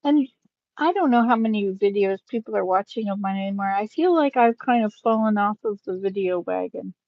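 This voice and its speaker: Brisk and medium-pitched, a woman vlogger chats and rambles casually on a live-stream from her garden outdoors, wind chimes nearby, chuckling at herself. She records on a phone, and the sound is lo-fi without echo.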